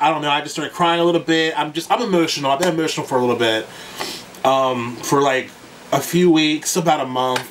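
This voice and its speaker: A man's voice: on the high side, far from the mic, noisy background. A young man talking straight to his viewers in a casual reaction vlog, tearful and crying at times, emotional and swearing freely. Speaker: YouTube music reactor.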